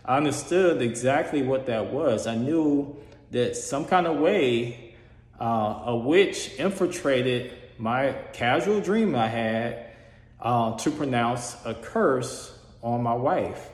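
A man earnestly telling a personal experience in a casual, halting way, with frequent restarts. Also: medium pitch, lively intonation. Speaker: storyteller sharing a personal experience. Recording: roomy hall reverb.

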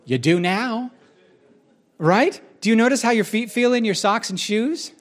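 A man's voice: high voice, animated, unhurried. A man preaching a sermon in a conversational, joking way, with asides to the audience.

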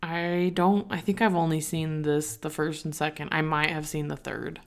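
A woman's voice: deep voice, level tone, moderate pace. A woman co-hosting a podcast in casual chat, telling rambling stories and acting out other people's lines. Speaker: podcast co-host.

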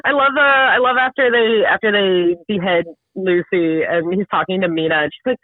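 Man, high voice, casual podcast chat, rambling, dry lo-fi sound. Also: normal speed, dry recording. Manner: rambling, animated, with frequent fillers and laughs. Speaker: podcast co-host. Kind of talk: casual chat reviewing a film.

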